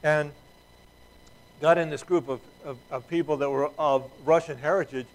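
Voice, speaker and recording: A man's voice: a little high, fairly even intonation, normal speed, poor audio. A middle-aged man preaching a sermon in a conversational way, with asides and restarts and emphatic peaks. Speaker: pastor.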